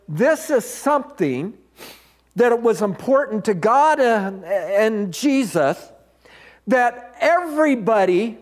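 A middle-aged man preaching a sermon as pastor, unhurried and storytelling, with frequent restarts. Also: high-pitched.

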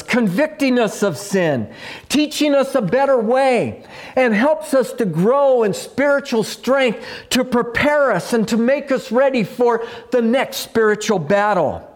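Man, pastor, sermon, slow deliberate pace, falling phrase endings. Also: very high voice, expressive. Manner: slow, measured preaching with dropping phrase ends.

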